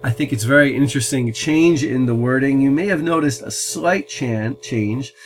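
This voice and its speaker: A man in middle age gives a patient, thoughtful lecture, explaining one point after another. His voice sits in an ordinary middle register and stops often for small thinking pauses. Faint music can be heard under him. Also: medium pitch. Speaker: Talmud teacher and podcast host. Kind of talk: explanatory lecture on text wording.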